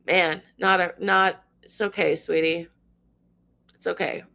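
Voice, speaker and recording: A woman's voice: lowish voice, fairly even intonation, takes it slowly, creaky, pushed and bright. A woman in her fifties, a channel host, speaking in an emotional monologue, ranting with passion and fighting back tears. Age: 50s.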